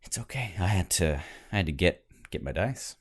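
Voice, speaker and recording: A man's voice: low voice, animated, normal speed. A young man co-hosting a podcast, chatting casually about tabletop games in a joking, laid-back way. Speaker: podcast co-host.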